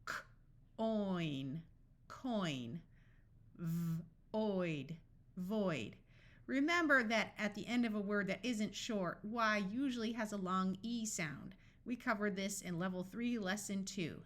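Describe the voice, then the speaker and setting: A woman teaching a phonics lesson, sounding out each word slowly, one sound at a time. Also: medium pitch, fairly bright tone. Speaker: phonics tutor. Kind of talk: slow, carefully enunciated reading lesson.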